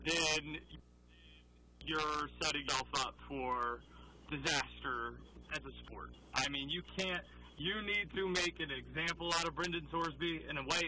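A man who is a guest on a sports radio show, talking in a raspy morning voice with quick, opinionated chat. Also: a little high, slight background noise, poor audio. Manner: animated, rapid opinionated talk.

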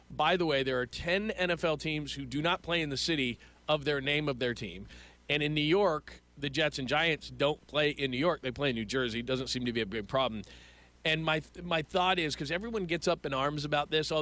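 Male host, animated, opinionated, bright and fairly high voice. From Los Angeles. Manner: animated, opinionated, stammers when excited. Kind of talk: casual sports talk.

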